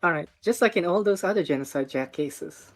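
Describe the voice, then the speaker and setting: A woman's voice: on the low side, animated, a little fast, faint music behind, pitched below the performer's own voice. A woman reading a teenage boy detective's game lines aloud in an earnest, polite way.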